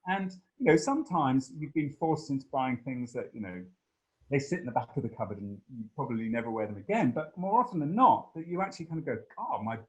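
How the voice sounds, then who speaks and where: A man giving a long, animated interview answer, full of fillers and playful asides. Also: mid-range voice, fast, highs cut off. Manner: expansive, animated storytelling with many fillers.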